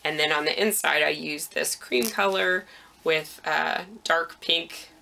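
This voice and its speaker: A woman's voice: low voice, measured pace, vocal fry, sharp tone, a little hiss or hum. A woman hosting a knitting podcast, chatting casually about her projects with frequent ums, a little out of breath.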